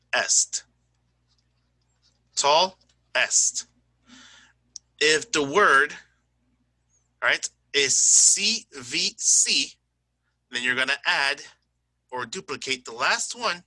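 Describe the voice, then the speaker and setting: A man teaching an English grammar lesson in a chatty, joking way. He keeps checking understanding with "right?" and "okay?" and slows down to spell out word endings. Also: mid-range voice, sharp tone, dry recording. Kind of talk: recorded online grammar lesson.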